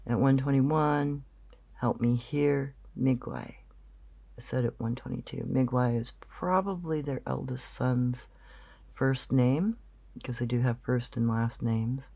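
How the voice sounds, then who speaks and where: A man's voice: mid-range voice, steady tone, unhurried, creaky, mellow. A man explaining a recording in casual commentary, rambling and thinking aloud with many fillers. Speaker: channel host.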